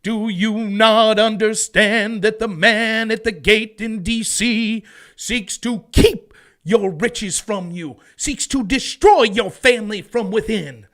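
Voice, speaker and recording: A man doing a mocking impression of a female politician talking like a booming, drawn-out Southern preacher. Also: a bit bright. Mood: preachy. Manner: booming, drawn-out sermon cadence.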